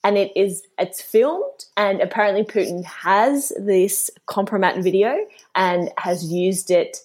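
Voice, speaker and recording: Woman, podcast co-host, conversational storyteller, mid pitch. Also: unhurried, a little mellow. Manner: conversational storyteller, reacting with short remarks. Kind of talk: casual chat.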